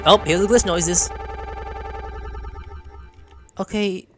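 A man's voice: high-pitched, fairly even intonation, slow pace, music in the background. A man doing let's play commentary, exclaiming and swearing at what happens on screen. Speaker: gaming YouTuber.

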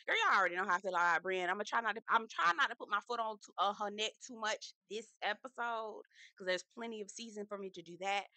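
A woman's voice: medium pitch, fast talker, hardly any pauses, pushed and bright, dry recording. A woman hosting her own casual TV review vlog, chatty and slangy, with emphatic asides to her viewers. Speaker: host.

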